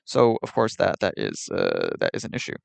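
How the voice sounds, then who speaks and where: A man's voice: deep voice, wildly swooping pitch, fairly quick, vocal fry, dry recording. A man streaming live, arguing with and ranting at his chat in an exasperated, repetitive way. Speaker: livestreamer.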